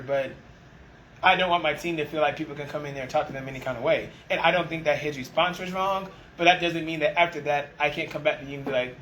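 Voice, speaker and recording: A man with a slightly high voice tells stories from his work leading a restaurant team in a relaxed conversation. He acts out what people said with animated energy. A faint noise sits under the recording. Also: fast talker, poor audio. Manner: animated storyteller, acts out quoted exchanges. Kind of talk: casual conversation.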